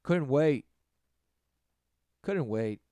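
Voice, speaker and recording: A man delivering a mocking sermon rant, often mimicking others in high, sarcastic voices. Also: animated, extremely slow, mellow, no echo, clean studio sound. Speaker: preacher.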